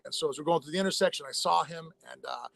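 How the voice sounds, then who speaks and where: A man telling a long personal story in a casual interview, in a rapid, rambling way with many fillers and restarts. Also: fairly high pitch, vocal fry, fairly bright tone. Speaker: interview guest, former fighter.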